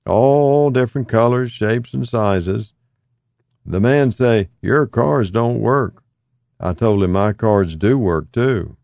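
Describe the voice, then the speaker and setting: A narrator puts on a frail, confused old man whose voice rides noticeably higher than the reader's own, repeating words emphatically in plain folksy speech. It is a close, dry, mellow read with no room around it, in the manner of an audiobook memoir. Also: expressive, slow, gravelly, dry recording, full character voice. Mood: emphatic. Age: older.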